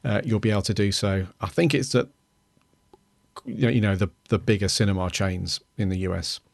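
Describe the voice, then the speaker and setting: A man hosting a podcast, talking in a measured, hesitant way. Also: lowish voice, creaky, no echo. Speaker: podcast host. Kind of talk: casual chat.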